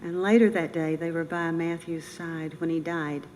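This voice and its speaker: An older woman giving a personal memorial speech as a bereaved military mother, earnest, halting and emotional. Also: low voice, steady tone, darkish tone. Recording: reverberant room with faint noise.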